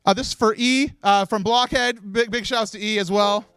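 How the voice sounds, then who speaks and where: Nervous rambling man, high voice. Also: fairly even intonation, normal speed, fairly bright tone. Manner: nervous, rambling, laughs often. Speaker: host handing out awards. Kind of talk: emotional live event speech. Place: live stream event room.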